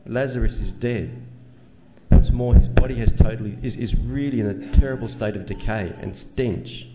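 A man's voice: mid-range voice, moderate pace, loud music behind the voice. A man preaching a sermon in an earnest manner, asking rhetorical questions and pressing his points with emphasis. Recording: long reverb, faint ambient noise.

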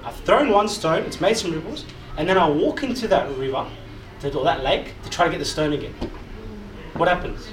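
A man preaches to a gathered group in a roomy hall, his voice pitched high and swinging widely as he drives each point home. He keeps repeating himself and tossing questions to the listeners, heard from some distance with noise in the background. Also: animated, a little fast. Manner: repetitive, emphatic, asks the audience questions. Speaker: preacher, youth speaker. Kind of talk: sermon to a live group. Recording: echoey hall, mic far off, audible noise.

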